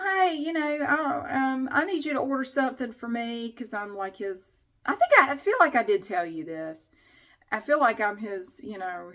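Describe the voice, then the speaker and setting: A middle-aged woman talks to her camera at home in a loose, rambling vlog. She is candid, drops the odd mild swear word, and her pitch sits right in the middle for a woman. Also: fairly bright tone. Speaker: vlogger. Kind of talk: casual chat to camera. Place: at home, indoors.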